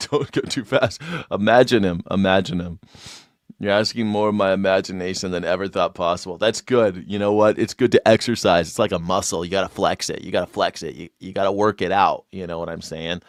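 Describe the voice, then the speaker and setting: A man's voice: deep voice, steady tone, brisk, no echo, clean studio sound. A man hosting a live stream, mocking in a sarcastic tone and laughing often.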